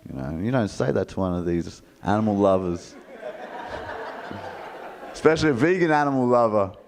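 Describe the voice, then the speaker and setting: A motivational speaker from Australia, speaking at normal speed in a lowish voice, tells a live audience a humorous story while acting out the people's voices in it. He's animated and jokey, and the echoing hall has background noise.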